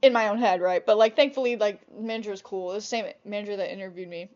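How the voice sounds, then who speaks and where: A young woman vlogger telling a casual storytime about old jobs, chatty and animated, swearing often. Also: mid-range voice, quick pace, highs cut off.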